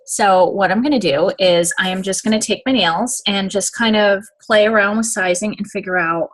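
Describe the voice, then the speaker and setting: Speaking at medium pitch and normal speed, a woman walks through applying nails in a casual, chatty demo. She gives step-by-step instructions, often pausing to ask "okay?".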